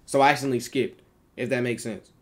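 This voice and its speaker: A man's voice: mid-range voice, fairly even intonation, quick pace. A man streaming on a video chat app, chatting in a joking, slangy, profane way. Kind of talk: casual chat.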